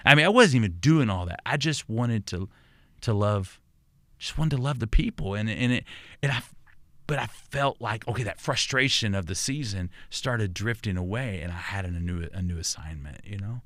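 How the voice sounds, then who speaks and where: A man's voice: lowish voice, expressive, moderate pace, fairly bright tone, no room sound. An older man with a Texan accent, a pastor and podcast guest, telling his story in an earnest, reflective way, with many restarts and repeated words. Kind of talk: conversational storytelling.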